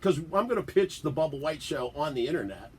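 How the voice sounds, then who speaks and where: Animated storytelling man in a studio. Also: a little high, brisk, breathy edge. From Washington DC area. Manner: animated, laughing storyteller who acts out quotes. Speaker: podcast guest. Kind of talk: casual storytelling interview. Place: radio studio.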